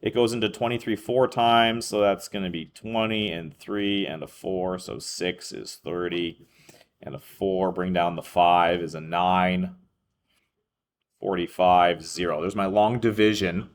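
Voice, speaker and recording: A man's voice: low voice, steady tone, measured pace. A male math teacher explaining a lesson to a class, thinking aloud, correcting himself and calling on students by name.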